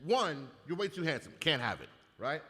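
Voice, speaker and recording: A bright, lively man rattles off profane comic stories, jumping between his own voice and the people he quotes. He sounds short on sleep. His voice carries a long hall reverb. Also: a little high, moderate pace. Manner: animated, profane, acts out quotes. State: sleep-deprived. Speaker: comedian guest. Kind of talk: casual comedic storytelling.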